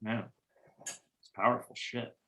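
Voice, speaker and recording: A man's voice: fairly low pitch, level tone, slow pace, bright, forceful tone. A young man on a video call, talking candidly in a casual group share, swearing often and filling his talk with "like". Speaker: workshop facilitator.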